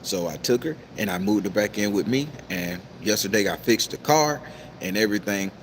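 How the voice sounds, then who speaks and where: Man retelling the words of a down-on-his-luck guy, matter-of-fact, lowish voice, faint background noise. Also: animated, normal speed, long reverb tail. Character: down-on-his-luck man from a men's group, plain-spoken.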